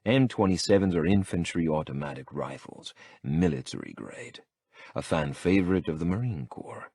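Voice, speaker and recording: A man narrating an audiobook in first person in a brooding, measured way. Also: sits low, expressive, mellow, breathy edge, dry recording.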